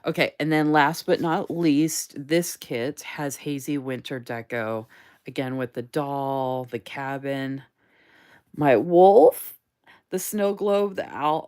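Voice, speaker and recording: A woman's voice: very deep voice, slow, a little mellow, smooth. A woman hosting a casual live stream, gushing with enthusiasm over planner stickers and reading viewer comments aloud. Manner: gushing, enthusiastic, says "oh my gosh" often. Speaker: host of a live sticker showcase.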